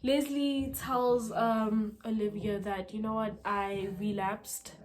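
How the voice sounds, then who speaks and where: Speaking slowly in a level, mid-range voice, a woman gives a casual recap of a TV episode. She chats away with plenty of fillers and side comments.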